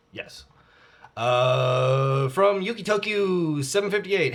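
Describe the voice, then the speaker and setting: A man in his forties talks straight into his vlog, answering viewer questions. His delivery is loose and rambling, full of fillers and casual swearing, and his pitch sits mid-range for a man. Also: lively intonation, normal speed, a bit bright. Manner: rambling, profane and candid, with frequent fillers.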